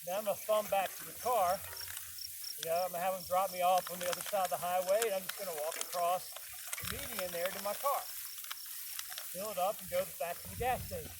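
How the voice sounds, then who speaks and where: A man telling a personal story in a casual, animated way, often checking in with "right?". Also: high-pitched, fast, background noise. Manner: animated, tags lines with "right?". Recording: distant mic, loud crickets outside.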